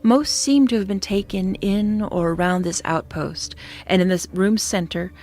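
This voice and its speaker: A woman narrating a scripted horror story in a steady, descriptive manner, sometimes dropping to a hush. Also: medium pitch, a little slow. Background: faint background music.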